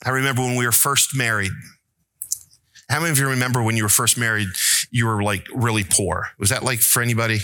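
A man delivers a sermon with a bright, ringing voice, recorded close and dry. He asks his listeners questions, mixes in jokes, and climbs to high, emphatic pleading. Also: fairly even intonation, fast talker, dry recording. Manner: rises to an emphatic, pleading pitch. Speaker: pastor.

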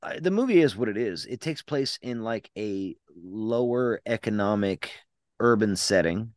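A man's voice: lowish voice, expressive, moderate pace, darkish tone, dry recording, studio quality. A man co-hosting a casual podcast, reviewing horror movies in a blunt, rambling way with frequent restarts. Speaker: podcast co-host.

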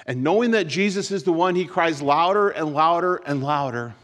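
A man giving a sermon-style talk to students, telling a story with lots of repetition and shifting between loud and hushed delivery. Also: fairly high pitch, expressive, moderate pace, long reverb tail. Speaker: speaker at a school gathering.

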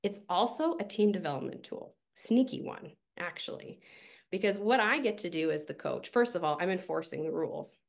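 A middle-aged woman, a team coach, talking as a guest in a podcast interview, telling stories in an animated way with casual fillers. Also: lowish voice, moderate pace, vocal fry.

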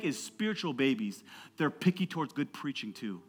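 A man in his thirties preaching a sermon to his church, emphatic and building to loud passionate peaks, calling on the congregation to answer back. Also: medium pitch, sing-song, moderate pace, slight background noise. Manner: call-and-response with the congregation. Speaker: pastor.

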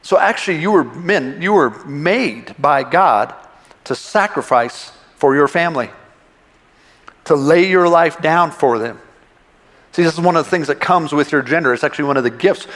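A man's voice: a little high, fairly bright tone. A man preaching a sermon in a church, impassioned and emphatic, often repeating and restarting his phrases. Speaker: pastor. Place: church sanctuary. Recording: long reverb of a large hall.

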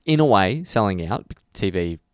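A man's voice: fairly low pitch, very animated, normal speed, smooth, dry recording, clean studio sound. A man co-hosting a podcast in casual chat, ranting heatedly with profanity and restarts. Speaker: podcast co-host.

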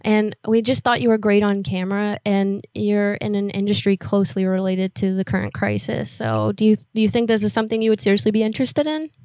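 A woman's voice: mid-range voice, a little fast, few pauses, darkish tone, no echo. A woman interviewing someone by phone, talking casually with many fillers and encouraging words.

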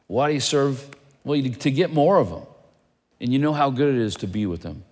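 A male pastor preaching a sermon in an animated way, asking his listeners question after question. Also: mid-range voice, fairly quick, big-room sound.

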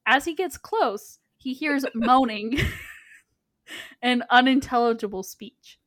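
A woman casually recapping a film plot for her co-hosts, relaxed and full of "like.". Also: fairly high pitch, slow. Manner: relaxed, frequent filler "like". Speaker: podcast co-host, recapping the film.

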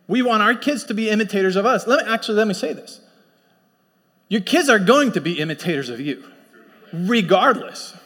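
A pastor preaching a sermon in a conversational, storytelling way, slipping into quoted voices. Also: male voice, sits high, a bit bright. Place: church sanctuary. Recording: long church hall reverb.

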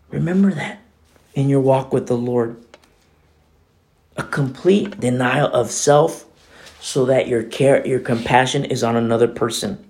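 A pastor giving a conversational sermon, animated and emphatic, at times dropping to a hushed near-whisper. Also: male voice, mid-range voice.

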